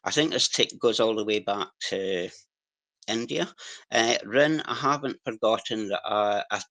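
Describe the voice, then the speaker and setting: A man with a strong regional accent speaking on a live audio chat, halting and apologetic, restarting his sentences often. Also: fairly low pitch, fairly bright tone, no echo, poor audio. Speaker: caller sharing experiences. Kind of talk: casual hesitant sharing on a live audio chat.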